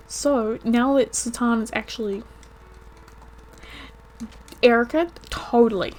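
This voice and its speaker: Streameuse bavarde au rire facile. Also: female voice, a little high, takes it slowly, pauses often, darkish tone. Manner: chatty, laughs often. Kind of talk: casual gameplay commentary.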